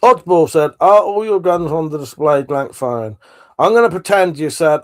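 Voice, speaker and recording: A chatty man with a fairly high voice hosts a casual livestream. He rambles as he reads out viewer comments and swears casually. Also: animated, moderate pace. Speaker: livestream host. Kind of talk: casual chat reading out live comments.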